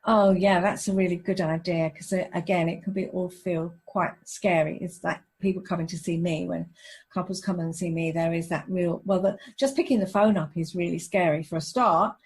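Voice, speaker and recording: A woman's voice: fairly low pitch, steady tone, normal speed, slight background noise. A woman, a relationship counsellor, hosting a podcast interview and talking in an empathetic, thinking-aloud way.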